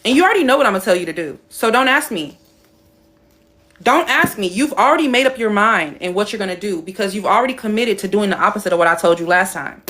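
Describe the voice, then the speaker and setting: A woman's voice: mid-range voice, lively intonation, fast talker, fairly bright tone. A young woman hosting a casual live-stream Q&A as a spiritual coach, talking bluntly and chatting with a laugh.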